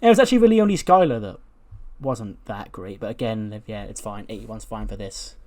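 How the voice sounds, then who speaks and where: A man's voice: fairly low pitch, expressive, fairly quick, a little mellow. A man who creates gaming videos, narrating a let's-play in a chatty way and laughing often.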